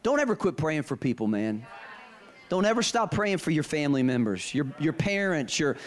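A man's voice: fairly high pitch, big pitch swings, normal speed. A middle-aged man preaching a sermon, telling personal stories with emphasis and repeating key phrases.

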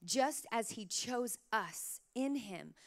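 A woman's voice: a little high, animated, slow pace. A woman in her thirties preaching a sermon to mothers, telling personal stories in a chatty way full of "like" fillers. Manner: warm storytelling, chatty with many "like" fillers. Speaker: pastor.

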